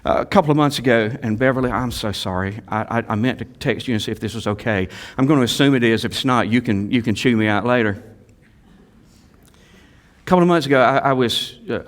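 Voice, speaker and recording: A male pastor preaching a sermon, swinging from quiet asides to loud exhortations and repeating key phrases for emphasis. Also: mid-range voice.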